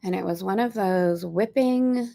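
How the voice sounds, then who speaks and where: A woman's voice: medium pitch, measured pace, creaky, mellow. A middle-aged woman hosting a spiritual study livestream from a boat, talking in a chatty, upbeat, rambling way with playful asides. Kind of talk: casual livestream chat.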